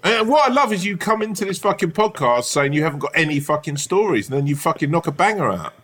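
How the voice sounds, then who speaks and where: A man's voice: on the high side, big pitch swings, fast, fairly bright tone. A man co-hosting a podcast, playful and teasing, swearing freely in casual chat. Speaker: podcast co-host.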